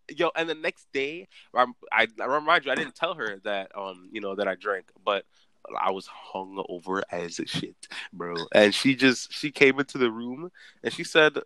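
A young man chatting casually, telling animated stories in slang. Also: medium pitch, no room sound. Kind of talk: casual chat.

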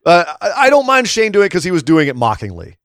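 Guy on a podcast going over wrestling shows, smooth clear voice, dry close sound. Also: high-pitched, quick pace, no room sound. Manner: chatty, animated recapping. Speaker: podcast co-host. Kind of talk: casual wrestling recap chat.

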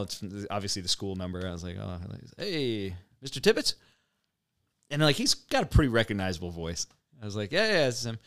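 A man co-hosting a podcast, telling stories in an animated way and acting out the dialogue. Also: fairly low pitch. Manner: animated storyteller, acts out dialogue. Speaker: podcast co-host. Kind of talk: casual podcast chat.

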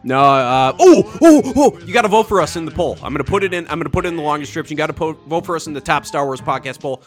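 A man co-hosting a podcast in casual chat, gushing excitedly and swearing freely. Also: a little high, fast talker, faint music behind. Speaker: podcast co-host.

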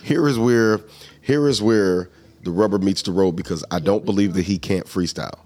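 A man hosting a casual talk show, teasing his guests and laughing often, with drawn-out emphatic phrases. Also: sits low, darkish tone. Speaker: podcast host. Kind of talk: casual chat.

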